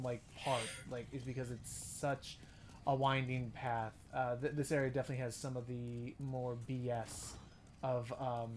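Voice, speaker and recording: A man's voice: mid-range voice, a little mellow, a little hiss or hum. A man casually commentating while playing a video game, chatty and full of restarts. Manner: chatty, narrates his play with restarts. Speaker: game streamer. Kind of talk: let's play commentary.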